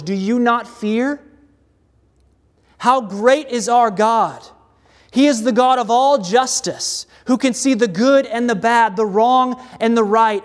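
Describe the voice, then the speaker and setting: A man preaching a sermon in a slow, deliberate way, with dramatic pauses and repeated refrains. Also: sits high, in a large hall.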